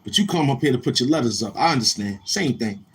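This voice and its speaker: A male livestream host talks loose and streetwise. His voice sits at a middle pitch and sounds a little tired. Faint outdoor noise runs under his voice. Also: fast. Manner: loose, streetwise, goes from laid-back to loud and animated. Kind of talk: casual livestream talk. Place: outdoors near a street, car noise heard.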